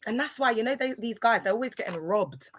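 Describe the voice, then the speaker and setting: A woman's voice: on the high side, expressive, a little fast, slight background noise. A woman, hosting a livestream and telling a rambling personal story full of fillers and restarts. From London. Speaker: livestream host. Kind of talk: casual storytelling monologue.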